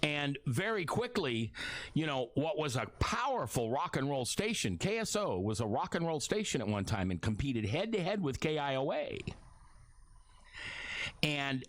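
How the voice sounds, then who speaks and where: A man's voice: fairly high pitch, big pitch swings, moderate pace, fairly bright tone, no echo. A middle-aged man hosting a casual talk radio show from a studio, rambling and apologetic as he reminisces. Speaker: radio and webcast host.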